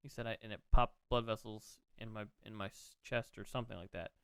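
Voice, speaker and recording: A man chatting casually on a podcast, rambling excitedly and swearing freely as he retells what he watched. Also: lowish voice, a little fast, gravelly, smooth, no echo. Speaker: podcast co-host. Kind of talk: casual chat.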